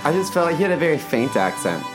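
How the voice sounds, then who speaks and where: A man's voice: on the high side, very animated, quick pace, over music. A man co-hosting a casual podcast, telling stories in a laid-back way with dry teasing and hesitant fillers. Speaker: podcast co-host. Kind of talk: casual chat.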